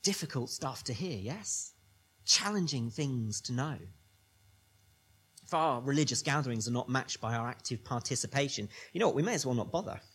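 A man's voice: mid-range voice, animated, normal speed, fairly bright tone, husky. A man preaching a sermon as pastor, building emphatic repetitions.

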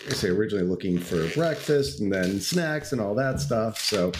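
A man's voice: fairly low pitch, animated, normal speed, a loud crowd. A man casually reviewing a snack, talking hesitantly with lots of ums and self-deprecating laughs. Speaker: co-host food reviewer. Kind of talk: casual food review chat.

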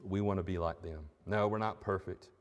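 A man's voice: deep voice, fairly even intonation, brisk. Emphatic male preacher in a reverberant hall. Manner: emphatic, rising to stressed peaks on key phrases. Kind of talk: sermon. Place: church hall.

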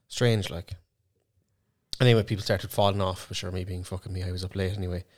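Speaking fast in a low, deep, steady voice, a young Cork man co-hosts an easygoing podcast chat. He curses freely as he tells a story, voicing what others said himself, and the conversation stays unscripted and relaxed.

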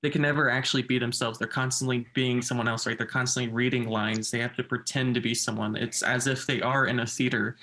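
Guy on a film podcast, bright voice, gets into retelling the scenes. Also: medium pitch, flat delivery, quick pace, few pauses. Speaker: podcast co-host. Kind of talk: casual film discussion.

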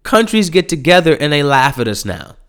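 Heated, profane podcast host, smooth voice. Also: male voice, fairly high pitch, big pitch swings, fairly quick. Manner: profane, heated, swings into loud mocking impressions. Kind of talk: solo podcast rant.

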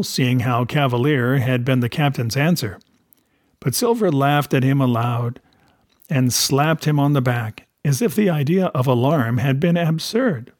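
A man reads a novel aloud at a steady, measured pace, his voice mid-pitched and ordinary for a man. The recording is dry and close, with no room around it. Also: no room sound. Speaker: reader.

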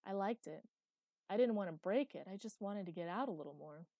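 A woman voicing a small, lonely ghostly wanderer who speaks softly and wistfully. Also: mid-range voice, expressive, brisk, dry recording. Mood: weary.

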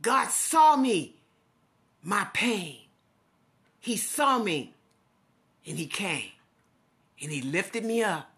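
Slow-preaching bright-voiced woman. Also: mid-range voice, big pitch swings. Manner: impassioned, repetitive preaching cadence. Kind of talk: devotional sermon.

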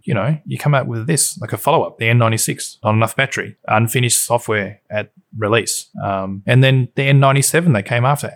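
A man's voice: fairly low pitch, a bit bright. A man co-hosting a casual tech podcast, talking in a rambling, nostalgic way with lots of fillers. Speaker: podcast co-host.

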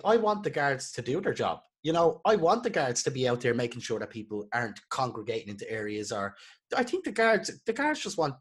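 A man's voice: mid-range voice, slightly rough. An Irish man hosting a podcast, speaking his mind bluntly and swearing freely. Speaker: podcast host. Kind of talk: casual chat.

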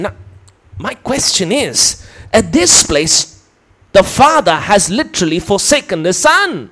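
A man with a high, light voice delivers a teaching sermon. He explains things patiently, point by point, and often turns to his listeners with a quick question. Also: big pitch swings, fairly bright tone. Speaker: preacher.

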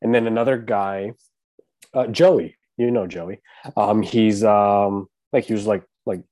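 A male podcast host with a low, mellow voice asks curious questions. His speech is loose and filled with casual "like"s. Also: steady tone, measured pace.

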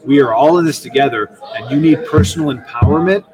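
A young man speaking as a guest in a casual interview. He talks in a rambling, animated way, restarting often. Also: mid-range voice, fast talker, recorded from a distance, crowd noise, poor audio. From United States. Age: young adult. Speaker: state legislator guest.

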